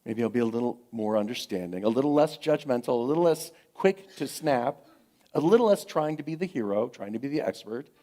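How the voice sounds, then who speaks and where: Gentle middle-aged man preaching a sermon. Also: medium pitch, lively intonation. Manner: gentle, repetitive encouragement with frequent pauses. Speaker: pastor. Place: spiritual center sanctuary.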